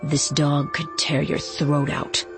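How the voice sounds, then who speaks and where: A woman reading the lines of an arrogant young female master vampire, slow and threatening. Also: flat delivery, faint music behind. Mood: menacing. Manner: slow, low, threatening delivery.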